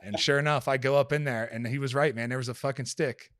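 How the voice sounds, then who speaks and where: A man's voice: medium pitch, fairly even intonation, quick pace, a bit bright, no echo, clean studio sound. A man in a casual podcast conversation, telling a hunting story in a rambling way, with lots of swearing and fillers.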